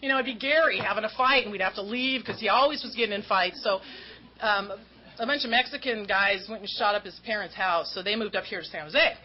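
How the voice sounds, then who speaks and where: A woman's voice: mid-range voice, fairly quick. Candid woman telling her recovery story. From Southern California. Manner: candid, self-mocking, acts out quoted voices. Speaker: AA speaker. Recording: dull lo-fi talk recording with faint noise.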